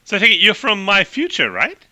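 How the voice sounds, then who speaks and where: A man voicing a cheerful, folksy woman pilot from the past, talking fast and clipped with old-fashioned exclamations. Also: sits high, wildly swooping pitch, bright, forceful tone, no echo, pitched above the performer's own voice, heavily acted. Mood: chirpy. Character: brisk chatty woman aviator, cheerful and folksy.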